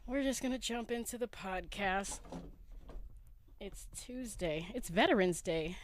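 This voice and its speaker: A woman's voice: medium pitch, lively intonation, a little slow, slight background noise. A woman in her forties hosting a casual solo podcast from her camper van, groggy with a morning voice, laid-back and giggly, dropping slang and swearing. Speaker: podcast host.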